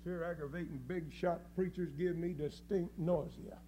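Fiery preacher with a high voice. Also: male voice, fairly even intonation, normal speed, a little hiss or hum. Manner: swings from low muttering to loud preaching cries; folksy, scornful, with mocking quoted voices. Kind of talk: fiery sermon.

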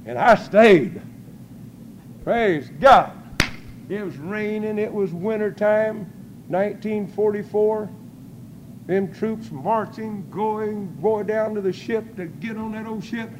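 An older man preaching a testimony sermon in folksy storytelling style, breaking into loud praise. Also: high-pitched, slow pace, background noise.

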